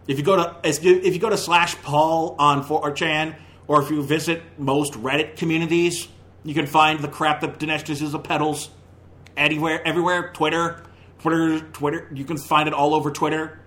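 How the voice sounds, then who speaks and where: A man's voice: on the high side, a bit bright. A man hosting a movie podcast, ranting in a heated, opinionated way, with many stumbling restarts. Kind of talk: casual opinionated review.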